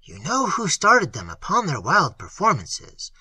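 A hoarse old pastor, as an audiobook reader puts him on, speaks with fervent, emphatic conviction. The voice is husky and bright, rising and falling dramatically. The recording is dry and close. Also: medium pitch, wildly swooping pitch, measured pace, no room sound, pitched above the performer's own voice, full character voice. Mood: grave.

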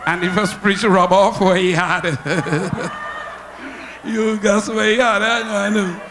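A man with a Trinidadian accent telling stand-up jokes on stage, animated and laughing at his own punchlines. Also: sits high, takes it slowly, noisy background. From Trinidad and Tobago. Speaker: stand-up comedian. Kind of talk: stand-up comedy storytelling. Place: comedy show stage.

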